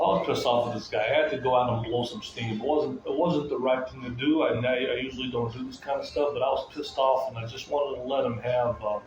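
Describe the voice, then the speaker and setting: A man's voice: medium pitch, a little hiss or hum. A man talking casually to viewers in a rambling, repetitive rant, circling back to the same phrases. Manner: agitated, ranting. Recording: echoey, muffled, with loud room ambience.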